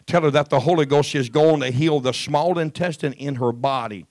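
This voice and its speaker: A man's voice: on the high side, normal speed, darkish tone, no room sound, clean studio sound. A man preaching a Pentecostal sermon, fervent and emphatic, repeating his phrases.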